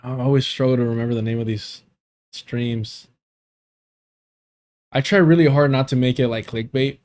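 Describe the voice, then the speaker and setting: Male stream host, mid-pitched voice, loose rambling chat with frequent laughs. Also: steady tone, moderate pace, darkish tone. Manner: rambling, laughs often, swears casually. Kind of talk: casual live stream chat.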